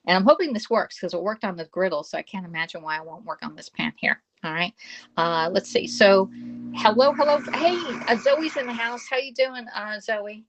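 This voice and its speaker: A woman's voice: medium pitch, animated, moderate pace, highs cut off, background noise. A woman in her fifties with a Southern US accent, chatting to viewers during a live home cooking stream and talking herself through each step. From Pennsylvania. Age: 50s. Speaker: cooking livestream host. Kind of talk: casual live cooking demo. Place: home kitchen.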